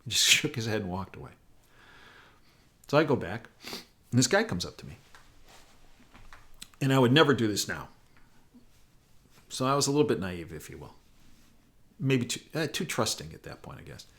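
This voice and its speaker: An older man tells a story with a voice that rises and falls a great deal. He sits at an ordinary pitch for a man. He acts out each person in the story as he goes. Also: normal speed, long pauses. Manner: animated, acts out the people in his story. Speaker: doctor. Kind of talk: storytelling anecdote.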